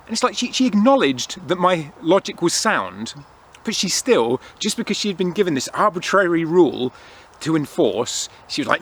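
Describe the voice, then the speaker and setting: A man's voice: fairly high pitch, lively intonation, a little fast, a bit bright, slight background noise. A young man chatting outdoors at a winter woodland camp, rambling through stories in a casual way. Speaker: outdoor vlogger. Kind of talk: casual chat.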